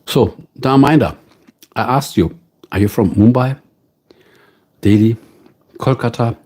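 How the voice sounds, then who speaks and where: Slow-talking German-accented man, husky and mellow. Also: medium pitch. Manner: slow, musing, greets viewers by name. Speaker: livestream host. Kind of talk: casual live-stream chat.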